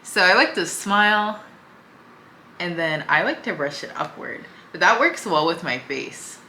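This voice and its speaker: Low-voiced chatty woman doing her makeup. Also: lively intonation, unhurried, bright, forceful tone, roomy sound, a little hiss or hum. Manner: chatty, talks while applying makeup, easygoing. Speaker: beauty vlogger. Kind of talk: casual makeup tutorial chat.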